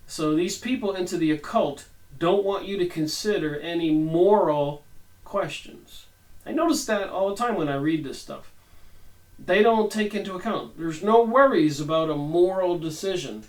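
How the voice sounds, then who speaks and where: A man's voice: a little high, normal speed, far from the mic, rough recording. Rambling man reading aloud. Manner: conversational, rambling asides. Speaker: channel host reviewing a book.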